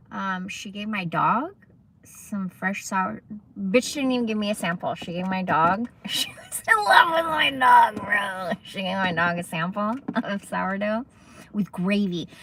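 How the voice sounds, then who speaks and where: A woman's voice: medium pitch, fairly bright tone, slight background noise. A young woman casually chatting on a livestream, telling rambling stories full of swearing and asides. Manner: rambling, profane, chatty storytelling. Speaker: livestream host.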